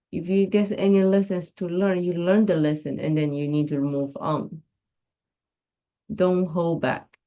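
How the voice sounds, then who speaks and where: Slow, earnest woman giving a live pep talk. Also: lowish voice, dark tone. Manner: earnest, repeats phrases for emphasis, speaks to viewers directly. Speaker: host of a live talk stream. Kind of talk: casual motivational talk.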